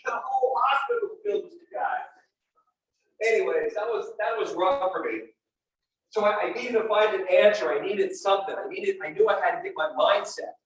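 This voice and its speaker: A man's voice: high-pitched, a little fast. A middle-aged man at a real estate event, telling a personal story and speaking straight to a live audience. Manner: animated and personal, addresses the crowd directly. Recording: very echoey room, distant mic, faint noise.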